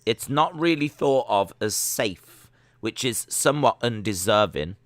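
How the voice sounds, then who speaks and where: A man's voice: on the low side, lively intonation, a little slow, no room sound. A man hosting a casual live watch-along stream, chatting and reading search results and chat messages aloud.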